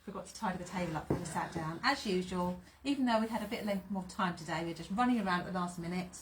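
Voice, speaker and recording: A woman's voice: on the low side, very fast, a little hiss or hum. A woman from England hosting a casual sewing live stream from her sewing room, greeting viewers by name, chatting and laughing often.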